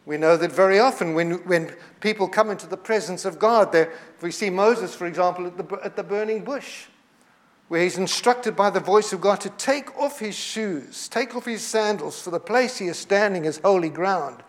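A man preaching a sermon, earnest and emphatic, slowing down to dwell on quoted scripture. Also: high-pitched. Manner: earnest, emphatic repetition with slowed quotations.

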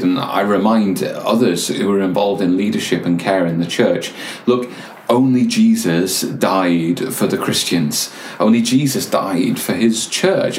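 A man preaching a sermon as pastor, earnest and measured, telling stories with careful pauses. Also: fairly low pitch, darkish tone, roomy sound, a little hiss or hum.

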